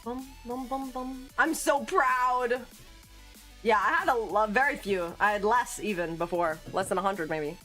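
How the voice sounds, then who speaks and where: A woman's voice: mid-range voice, moderate pace, sharp tone. A woman streamer chatting casually on a livestream, talkative and giggly, calling herself a yapper. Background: faint background music.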